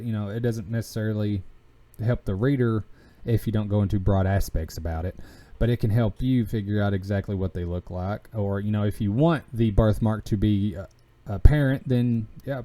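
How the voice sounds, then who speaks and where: A podcast host speaks in a lowish, dark-toned voice with a Southern US country accent. He wanders along casually, stopping and restarting, his talk thick with fillers.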